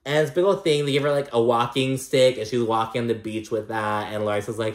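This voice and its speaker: A man's voice: medium pitch, lively intonation, quick pace, few pauses. A man giving a casual, gossipy recap of a reality show episode, swearing freely and peppering his talk with likes and you knows. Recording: roomy echo.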